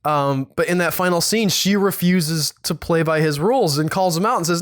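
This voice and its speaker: A man's voice: fairly high pitch, normal speed, hardly any pauses, no room sound, studio quality. A man co-hosting a podcast, chatting casually about a film in a rambling way that keeps correcting itself. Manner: rambling, self-correcting, animated asides. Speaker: podcast co-host. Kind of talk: casual film review chat.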